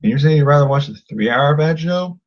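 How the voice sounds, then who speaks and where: A man's voice: on the high side, lively intonation, brisk, highs cut off. A man ranting angrily at a critic, combative and insulting, often repeating himself. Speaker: vlogger. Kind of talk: angry rant to camera.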